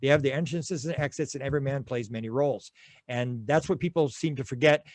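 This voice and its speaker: A man's voice: mid-range voice, fast, a little mellow, no room sound. Rambling storytelling man, dry sound. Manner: rambling storyteller, many restarts. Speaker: interview guest. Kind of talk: conversational interview.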